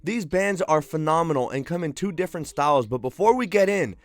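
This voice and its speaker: A man's voice: a little high, brisk, no room sound. Upbeat young man with a sick voice. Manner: upbeat, energetic, slangy. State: sick, congested voice. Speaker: tech reviewer. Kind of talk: scripted product review.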